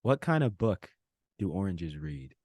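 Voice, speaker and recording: A host swaps puns and corny jokes with a guest and bursts into loud laughter. The voice swings a lot in pitch and sits dry and close to the mic. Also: big pitch swings, unhurried, no echo. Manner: laughs loudly, playful. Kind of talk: casual joke-trading chat.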